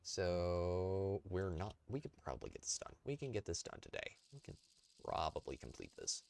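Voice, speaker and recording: Tired, lively-voiced male game streamer. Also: low voice, normal speed, vocal fry. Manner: rambling, self-deprecating, talks to chat. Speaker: gaming streamer. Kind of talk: casual live-stream commentary.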